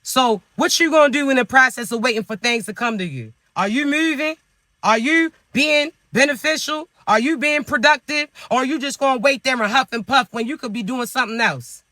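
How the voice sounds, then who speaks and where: A man's voice: very high voice, fairly quick, pushed and bright, no echo. A man giving spiritual advice in a monologue, scolding the listener with teasing rhetorical questions. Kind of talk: motivational monologue to viewers.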